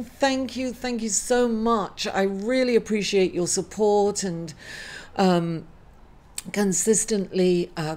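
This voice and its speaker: A woman's voice: mid-range voice, a little mellow. A woman hosting her weekly astrology reading, emotional and grieving, hesitant, with many fillers and apologies. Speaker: astrology reader and channel host.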